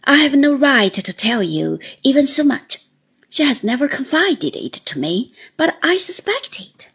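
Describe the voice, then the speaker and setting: A woman's voice: sits high, sing-song, measured pace, fairly bright tone, full character voice. A woman reading a stern elderly aunt, speaking in a clipped, emphatic and blunt way. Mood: firm, earnest.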